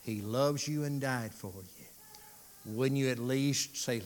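Slow-paced preacher with dramatic swells. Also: male voice, mid-range voice, a little hiss or hum. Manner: swings from loud pleading to hushed, drawn-out phrases. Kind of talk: sermon.

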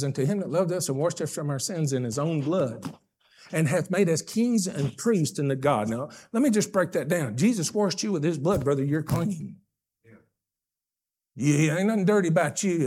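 An older man preaching a sermon as pastor, folksy and emphatic, swinging between loud stressed phrases and hushed asides. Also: fairly high pitch.

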